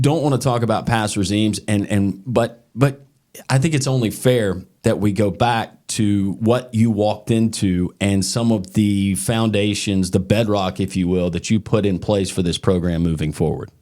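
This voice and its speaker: A man's voice: lowish voice, normal speed, mellow, dry recording, studio quality. A man hosting a sports podcast, reading a punchy news roundup and then interviewing a coach in an upbeat announcer style.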